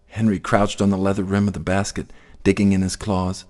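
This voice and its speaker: A man reading a children's picture book aloud in an expressive, sing-song storytelling manner. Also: low-pitched, a little fast.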